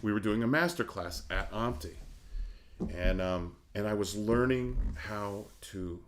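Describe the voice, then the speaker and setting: A man's voice: lowish voice, unhurried, a little hiss or hum. A middle-aged man, an opera singer, telling stories in a casual interview, acting out the voices of the people in them and laughing often. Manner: animated, acts out quoted voices, laughs often. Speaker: guest, opera baritone.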